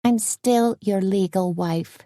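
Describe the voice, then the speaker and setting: Woman narrator playing a pushy, fretful wife; higher than her usual, bossy and exasperated, dark tone. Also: takes it slowly, no room sound, studio quality, lightly acted. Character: brash anxious woman scolding her husband.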